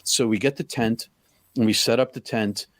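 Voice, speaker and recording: A middle-aged man recounts a personal story in a halting way, full of stops and restarts. His voice sits at a medium pitch. It is recorded dry, with little room sound. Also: fairly even intonation, dry recording. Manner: halting, full of restarts, acts out quoted lines loudly. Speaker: podcast guest.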